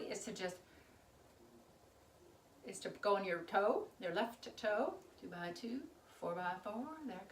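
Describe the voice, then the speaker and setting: A woman casually teaching chorus choreography, chatting and half-singing lyrics as she demonstrates moves. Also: on the high side. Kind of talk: casual dance instruction. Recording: roomy, recorded from a distance.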